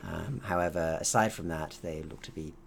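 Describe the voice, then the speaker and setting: A man narrating a tabletop horror game as game master, relaxed and hesitant with many fillers. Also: sits low, normal speed, creaky.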